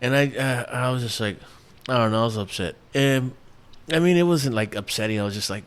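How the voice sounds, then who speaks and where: A man's voice: mid-range voice, normal speed, clean tone. A man in his thirties, from New York, hosting a casual solo podcast, rambling with lots of restarts and fillers and swearing freely. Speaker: podcast host.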